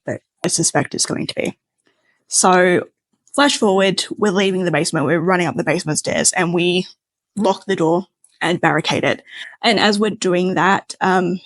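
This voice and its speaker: A young woman with a fairly low, gravelly, husky voice tells a wild personal story in a casual, chatty, animated way, acting out the voices of the people involved. There is no echo on the recording.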